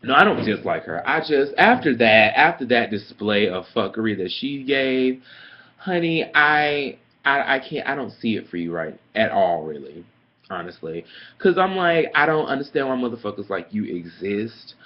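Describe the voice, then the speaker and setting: A man's voice: medium pitch, very animated, moderate pace. A young man telling a story about a petty coworker in a sassy, profane, dramatic rant, like a casual vlog. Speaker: vlogger. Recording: dull lo-fi webcam audio.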